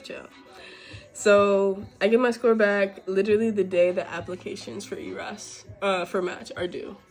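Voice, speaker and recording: A woman in her twenties chatting candidly as a vlogger while getting ready, expressive and swearing freely. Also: fairly low pitch.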